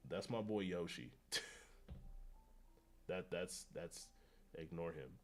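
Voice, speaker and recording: A man chatting casually on his gaming livestream, rambling and slangy and often excitable, with frequent laughter. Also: low voice, takes it slowly, soft background music.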